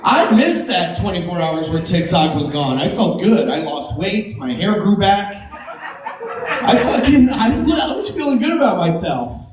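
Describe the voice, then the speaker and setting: A woman's voice: lowish voice, lively intonation, normal speed, crowd noise. A brash woman tears through a stand-up set, swearing freely and cracking up at her own punchlines. Her voice carries around a roomy club space. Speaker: stand-up comedian. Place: comedy club stage.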